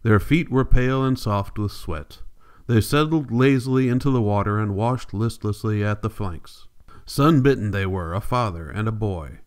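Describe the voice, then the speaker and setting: Man reading an audiobook, smooth voice. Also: lowish voice, normal speed. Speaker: audiobook reader. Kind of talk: scripted narration.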